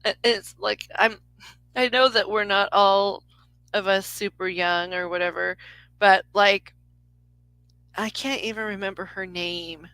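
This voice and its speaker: A woman's voice: medium pitch, steady tone, a little slow, pushed and bright, dry recording, rough recording. A woman in her forties giving a live psychic reading to a caller, rambling and interrupting herself with lots of fillers. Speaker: psychic reader. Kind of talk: live reading on a phone call.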